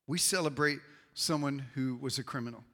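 Bright-voiced preacher in a reverberant church. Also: male voice, normal speed. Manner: swings from low, quiet emphasis to loud, high outbursts. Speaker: pastor. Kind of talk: sermon. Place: church sanctuary. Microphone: handheld or wireless mic.

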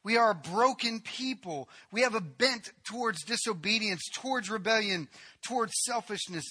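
Impassioned man preaching, high bright voice. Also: animated, moderate pace, breathy edge. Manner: impassioned preaching, swinging between loud emphatic build-ups and quiet drops; repetitive rhetorical lists. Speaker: pastor. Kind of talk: sermon.

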